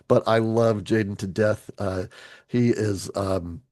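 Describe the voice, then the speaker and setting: A man's voice: medium pitch, a little mellow, dry recording, studio quality. Rambling man on a video call. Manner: rambling, halting, full of restarts, joking. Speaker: team leader. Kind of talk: casual team meeting talk.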